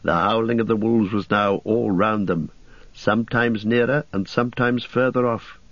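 A man narrating an audiobook in a measured, even storytelling manner. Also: lowish voice, no room sound. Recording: dull dry audiobook recording.

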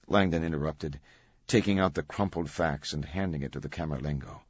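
A man narrates an audiobook with a very deep, husky voice. His reading is measured and even, recorded dry and close with a slightly dull, muffled tone. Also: dry recording. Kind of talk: scripted narration.

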